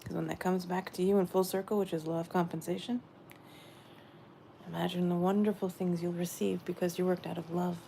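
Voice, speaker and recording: A woman giving a gentle, meandering spiritual message she says she is channeling, often repeating her phrases. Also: lowish voice, flat delivery, brisk, vocal fry, a little hiss or hum.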